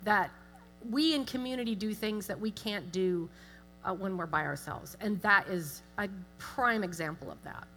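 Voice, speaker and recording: A middle-aged woman giving a chatty, self-deprecating church talk with animated asides. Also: medium pitch, normal speed. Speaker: guest speaker. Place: church sanctuary. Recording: long hall reverb with music.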